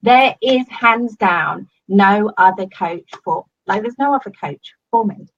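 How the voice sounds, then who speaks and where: A woman's voice: mid-range voice, a little slow, lo-fi sound. A woman giving a casual testimonial to her coach, gushing and swearing often, with many fillers. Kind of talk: casual video-call testimonial.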